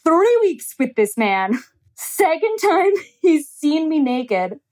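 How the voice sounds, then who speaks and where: A woman's voice: high-pitched, very animated, takes it slowly, darkish tone. A young woman hosting a podcast, telling a personal story in casual chat, candid and profane, laughing often.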